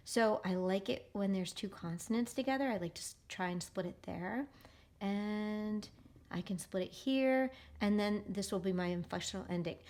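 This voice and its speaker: Teacher lady walking kids thru phonics, slow careful sounding out, mid pitch. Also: a little mellow. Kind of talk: phonics lesson for children.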